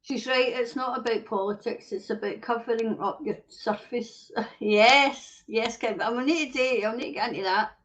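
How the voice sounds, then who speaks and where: A woman's voice: a little high, moderate pace, hardly any pauses, fairly bright tone. A Scottish woman hosting a livestream, ranting angrily with lots of swearing and reading out viewer comments. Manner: angry, sweary, reads viewer comments aloud. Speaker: livestream host. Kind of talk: casual livestream rant. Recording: dull lo-fi stream audio.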